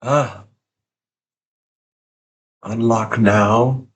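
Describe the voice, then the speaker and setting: His voice is lowish, husky and steady, with drawn-out words. In a casual live stream chat, this male streamer is tearful and sniffling, emotional, swearing and repeating himself.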